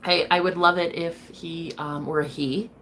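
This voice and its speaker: A woman with a fairly low, bright voice speaks at a normal speed with fairly even intonation, with a faint hiss or hum in the audio. She's livestreaming, chatting casually while reading viewers' comments, blunt and quick to swear, laughing often.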